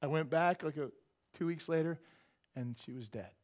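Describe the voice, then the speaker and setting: Fervent animated male pastor. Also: fairly high pitch, moderate pace. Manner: animated storytelling, rising to fervent prayer. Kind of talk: sermon.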